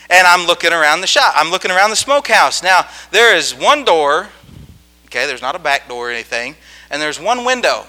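A man preaching a sermon, telling a childhood story in a folksy, animated way and often checking in with his listeners. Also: fairly high pitch. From rural farm upbringing.

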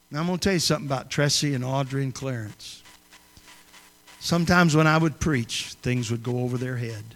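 A man's voice: medium pitch, vocal fry. A man preaching a sermon as a pastor, telling a story in a folksy, conversational way in a church sanctuary. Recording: long reverb of a church hall.

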